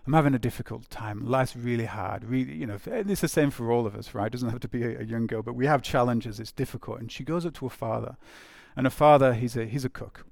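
A man's voice: medium pitch, quick pace, creaky, few pauses, darkish tone, no echo, clean studio sound. A man preaching a sermon in a conversational way, repeating phrases for emphasis with frequent fillers.

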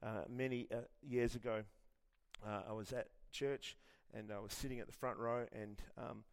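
A middle-aged Australian man preaching a sermon in a lively, conversational way, telling personal stories with self-deprecating humour. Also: mid-range voice, normal speed, clear, resonant tone. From Western Australia. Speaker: pastor.

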